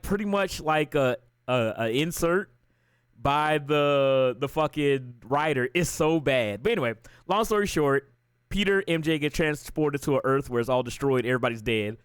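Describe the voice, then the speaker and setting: Male streamer, casual profane rant, fairly high voice, dry close mic. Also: clean tone, dry recording. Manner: profane, ranting, animated storytelling. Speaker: livestreamer. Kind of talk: casual chat.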